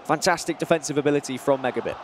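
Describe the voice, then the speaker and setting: High-voiced male colour commentator. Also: racing, slight background noise. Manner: chatty, explanatory analysis. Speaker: esports analyst.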